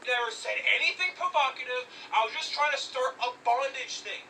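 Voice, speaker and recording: A young man rants in exasperation, his voice very high and piercingly bright. He bursts into shouted exclamations, then sinks to a mutter, recorded from a distance with a faint hiss behind him. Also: normal speed. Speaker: vlogger. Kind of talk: angry rant.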